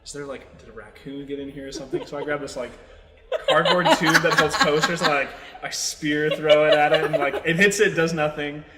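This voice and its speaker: A man's voice: a little high, fairly even intonation, a little fast, roomy sound, in a large hall, a crowd in the background. A young man in his twenties co-hosting a podcast, telling a long story in casual chat, rambling with lots of fillers and swearing. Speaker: podcast co-host.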